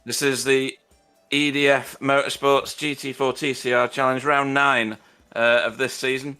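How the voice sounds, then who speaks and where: A man calls a sim race as host of the broadcast. His voice is bright and crisp, and he talks in a loose, chatty way with dry jokes at his own expense. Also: mid-range voice, flat delivery, a little slow, faint music behind. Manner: chatty, dry self-deprecating humor. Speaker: sim racing commentator. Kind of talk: live race commentary.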